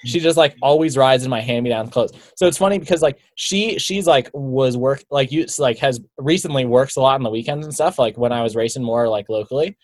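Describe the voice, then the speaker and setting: A man's voice: mid-range voice, fairly quick, few pauses, no echo. A young man chatting casually as a guest, rambling with lots of filler words. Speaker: guest, bike racer. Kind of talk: casual chat.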